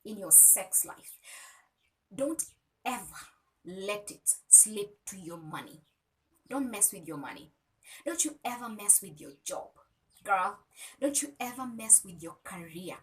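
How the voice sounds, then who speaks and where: A woman's voice: medium pitch, expressive, unhurried. A woman vlogger giving an emphatic, preachy motivational talk straight to her viewers. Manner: emphatic, preachy, direct address. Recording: voice distant from the mic.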